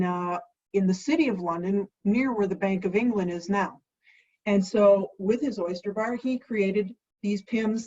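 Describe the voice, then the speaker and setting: A woman's voice: mid-range voice, darkish tone, dull audio. A woman hosting a home cocktail vlog, chatty and playful, asking and answering her own questions. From United States. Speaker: host of a home cocktail show.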